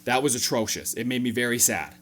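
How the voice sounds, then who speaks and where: A man hosting a sports fan reaction video. He breaks down the game casually and jokingly, with sudden animated jumps. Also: medium pitch, fairly quick.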